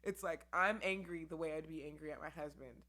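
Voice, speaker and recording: Low-voiced woman hosting a casual podcast. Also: fairly quick, pushed and bright. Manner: candid, rambling, heavy on "um" and "like". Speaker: podcast host. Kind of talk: casual solo podcast chat. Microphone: camera with mic.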